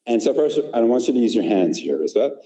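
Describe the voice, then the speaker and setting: Energetic man leading a teacher workshop. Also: medium pitch, quick pace, in a large hall, dull audio. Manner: energetic, demonstrative, repeats "right?" often. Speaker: teacher trainer. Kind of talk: live online teacher workshop.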